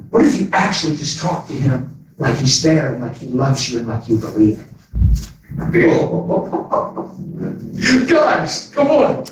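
Man, preacher, animated sermon storytelling, acts out dialogue, cavernous echo, distant from mic, faint noise. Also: medium pitch, slow pace, long pauses.

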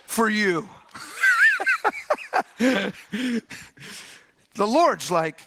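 A man preaching in a storytelling style, with a high, bright voice. He is animated and jokey, and his pitch swings widely as he exclaims. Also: a little fast, slight background noise. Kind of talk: storytelling sermon.

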